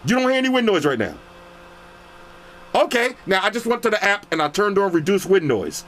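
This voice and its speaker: A man's voice: high-pitched, very animated, a little fast, fairly bright tone. A man casually reviewing earbuds on his channel, chatting straight to viewers in slang. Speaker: product reviewer. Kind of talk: casual tech review vlog.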